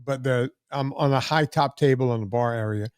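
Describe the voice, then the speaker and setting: A man's voice: medium pitch, normal speed, smooth, no room sound, studio quality. A middle-aged man hosting a podcast, telling stories in a blunt, chatty way and often repeating words as he starts a sentence. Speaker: podcast host. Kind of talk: casual chat.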